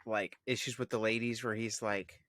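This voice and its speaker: A man's voice: lowish voice, little pitch movement, normal speed, fairly bright tone, no room sound, clean studio sound. A man co-hosting a podcast, talking in an easygoing way and drawing out his phrases. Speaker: podcast co-host. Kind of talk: casual chat.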